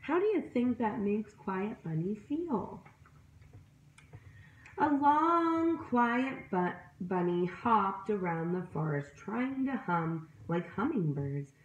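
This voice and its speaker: A woman's voice: mid-range voice, muffled recording. A woman reading a picture book aloud to children, voicing animal sounds and asking her listeners questions. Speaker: storyteller. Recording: roomy echo.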